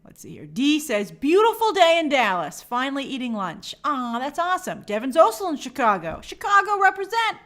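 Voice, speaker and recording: Woman host, fairly high and very lively voice, chatty live-stream banter reading out viewer comments. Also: moderate pace, hardly any pauses. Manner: reads viewer comments aloud and answers them chattily; animated, bubbly sign-offs. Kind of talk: casual livestream chat.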